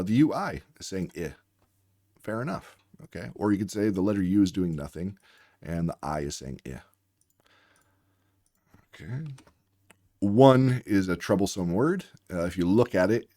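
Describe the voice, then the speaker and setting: A man with a deep, low voice explains reading lessons like a tutor, patiently breaking words into their sounds one by one. The recording is close and dry, with no room echo. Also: warm tone. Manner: patient, walks through sounds letter by letter.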